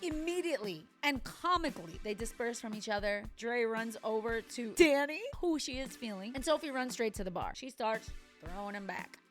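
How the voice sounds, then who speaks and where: A woman's voice: fairly high pitch, moderate pace, hardly any pauses, faint music behind. Chatty woman recapping a TV episode. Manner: chatty, wry storytelling with playful asides. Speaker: TV recap vlogger. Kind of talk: casual episode recap and reaction.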